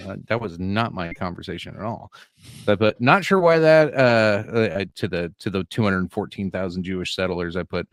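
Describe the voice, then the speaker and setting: A man's voice: low voice, moderate pace, no room sound, studio quality. A man co-hosting a casual podcast, ranting with lots of swearing. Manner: profane, animated ranting. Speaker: podcast co-host.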